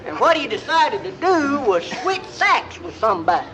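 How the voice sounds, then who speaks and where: A man's voice: extremely high pitch, big pitch swings, normal speed, a crowd in the background. A middle-aged man with an East Texas accent telling folksy comic yarns, drawling and slipping into the voices of the people in his stories. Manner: drawling folksy yarn-spinner, slips into quoted voices. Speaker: storytelling comedian. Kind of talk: live comic storytelling.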